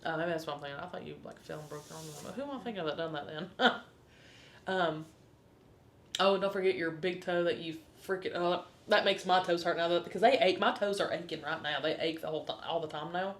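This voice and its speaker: Chatty woman podcast co-host. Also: a little fast. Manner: chatty, storytelling with laughs. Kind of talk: casual chat. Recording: echoey room, faint rumble.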